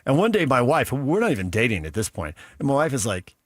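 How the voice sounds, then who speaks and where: A man hosting sports radio, chatting casually and telling animated stories, mimicking friends in loud voices. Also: medium pitch, fast.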